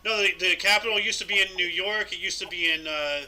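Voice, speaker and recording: A man's voice: sits high, fast talker, pushed and bright, rough recording. A young man co-hosting a casual talk show, reading news stories aloud with stumbles and asides. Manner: reads articles with stumbles and asides. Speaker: podcast co-host reading news.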